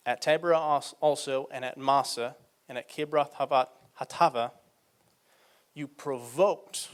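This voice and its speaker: A man preaching a sermon, reading scripture aloud and explaining it in a conversational way, slowing down and getting louder for emphasis. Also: mid-range voice.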